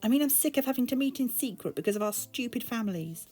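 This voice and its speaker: A woman's voice: fairly high pitch, animated, fast, dark tone, faint music behind, voice pushed up. A British woman voicing an impulsive, passionate teenage boy who speaks in fervent outbursts.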